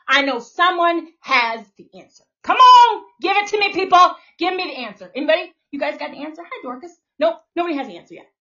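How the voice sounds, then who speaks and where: A woman's voice: sits high, bright, forceful tone. A woman hosting a podcast, delivering a live, profane, confrontational rant in a preachy tone. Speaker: podcast host. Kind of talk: live ranting monologue. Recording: muffled lo-fi audio.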